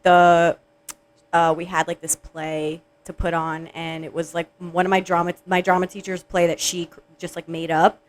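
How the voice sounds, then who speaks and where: A woman's voice: fairly low pitch, level tone, normal speed. A young woman from South Florida, a podcast guest, chatting casually in a playful, teasing way with lots of slang. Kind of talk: casual chat.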